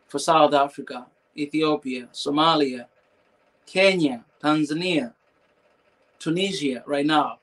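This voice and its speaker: A man's voice: on the high side, fairly bright tone, rough recording. Emotional man preaching on a live stream. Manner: preachy, repeats phrases, asks rhetorical questions. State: emotional, voice breaking at times.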